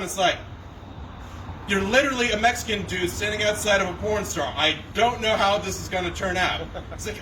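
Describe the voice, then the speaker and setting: A man's voice: sits high, expressive, a little fast. A young man performing a stand-up set, telling conversational, self-deprecating stories. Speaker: stand-up comedian. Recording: distant mic with loud background noise.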